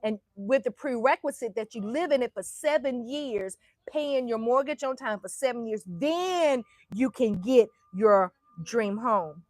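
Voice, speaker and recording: A woman's voice: on the high side, expressive, measured pace, a little mellow, dry recording. A woman telling a faith testimony as a motivational speaker, emphatic and bold, talking straight to her listeners.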